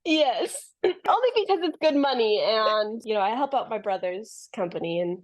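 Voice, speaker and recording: A woman's voice: on the high side, lively intonation, moderate pace. A young adult woman, a podcast guest, telling a long story in casual chat, laughing often and acting out what people said.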